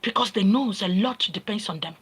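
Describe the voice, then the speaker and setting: A woman's voice: mid-range voice, fairly quick, fairly bright tone, husky, low-quality recording. A woman with a Nigerian accent giving an informal spiritual teaching, talking in an emphatic, repetitive, lecturing way.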